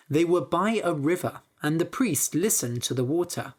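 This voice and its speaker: A woman narrating a simple story for English learners, clear and deliberate. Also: low-pitched, expressive. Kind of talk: slow scripted story narration.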